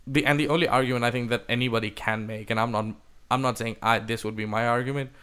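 A man's voice: medium pitch, steady tone, fast, a bit bright, clean tone. Blunt, swearing man on a football podcast. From India. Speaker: podcast host. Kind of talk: casual chat.

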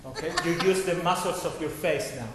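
A man's voice: on the high side, brisk, a crowd in the background. A man teaching a guided laughter meditation class, giving instructions and checking in with a repeated "okay?". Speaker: yoga teacher. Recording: echoey hall with faint noise.

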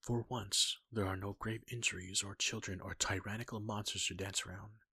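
A man voicing a pleading, eager young woman in a fan-fiction reading, with a husky, breathy voice. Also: on the low side, fairly even intonation, normal speed, pushed and bright, dry recording, exaggerated voice. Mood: insistent.

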